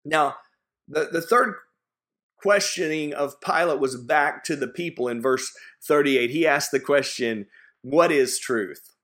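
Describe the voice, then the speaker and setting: A man's voice: fairly high pitch, a little slow, fairly bright tone. A man preaching a sermon, earnest and emphatic, driving points home with repetition. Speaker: pastor.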